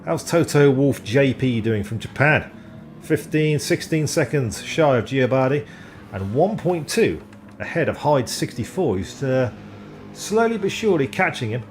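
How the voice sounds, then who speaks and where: A man giving live, rambling commentary on an online sim race, excitable and often stumbling over driver names. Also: mid-range voice, measured pace, slight background noise.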